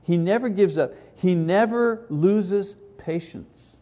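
A man gives an informal Bible lesson in a warm, mellow voice that sits slightly high for a man. He talks conversationally, often restarting his sentences and asking rhetorical questions. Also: takes it slowly. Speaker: Bible teacher.

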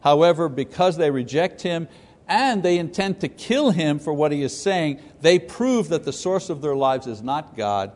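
A fairly high-voiced man preaching verse by verse, reading scripture and then slipping into casual, joking asides to his listeners. His voice carries a long reverb, as if filling a large hall. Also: expressive, normal speed, a little mellow. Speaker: pastor. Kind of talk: verse-by-verse Bible teaching.

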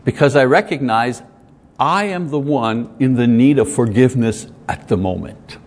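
A man's voice: medium pitch, normal speed, slight background noise. A man giving a sermon as a pastor, earnest and conversational, repeating his key lines for weight. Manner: earnest, conversational preaching with repetition. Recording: long hall reverb.

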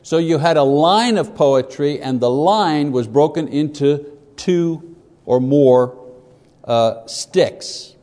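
A man teaching a class on poetry, unhurried, with many fillers and joking asides. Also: fairly high pitch, mellow, long reverb tail. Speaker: Bible teacher. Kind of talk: classroom lecture.

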